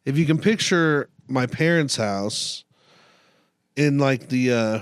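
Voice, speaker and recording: A man's voice: mid-range voice, takes it slowly, clear, resonant tone, no echo, studio quality. A young man co-hosting a podcast, telling stories in casual chat, swearing freely and laughing as he goes. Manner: profane, storytelling with laughs. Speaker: podcast co-host.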